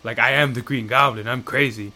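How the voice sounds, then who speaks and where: A man's voice: mid-range voice, fairly even intonation, a little fast, sharp tone. A man in casual chat, rambling and swearing as he retells comic storylines and acts out the characters' lines.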